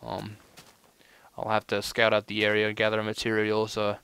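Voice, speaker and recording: Gravelly low-voiced man rambling over gameplay. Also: completely flat delivery, normal speed, fairly bright tone, no echo. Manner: rambling, lots of "you know" fillers. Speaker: gameplay commentator. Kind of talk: casual let's play commentary.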